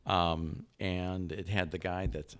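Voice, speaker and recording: A man with a very deep voice talks casually on a podcast, stopping and starting, stacking repeated words as he hunts for the next thought. He co-hosts and chats freely with his two partners. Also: little pitch movement, fairly bright tone, smooth. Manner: halting, many restarts and repeated words. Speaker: podcast co-host.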